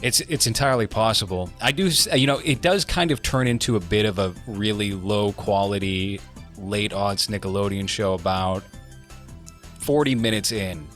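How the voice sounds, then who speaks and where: A man in his thirties with a lowish voice talks through a movie review in casual podcast chat. He is measured and critical, and he strings his points together in long, unhurried run-on thoughts. His tone stays even as he builds each point.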